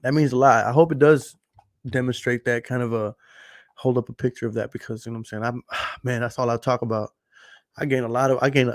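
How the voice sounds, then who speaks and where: A Texan man hosting a late-night podcast, talking loosely and profanely. He loops back on his words for emphasis and spins stories at an easy middle pitch. The sound is dry and close. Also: no room sound. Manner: profane, storytelling, repeats phrases for emphasis. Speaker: podcast host.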